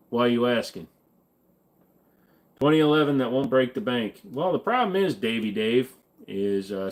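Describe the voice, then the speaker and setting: Male streamer from Virginia, low-ish voice, crude and jokey, casual chat with viewers. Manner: crude, joking, reads chat aloud. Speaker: live stream host.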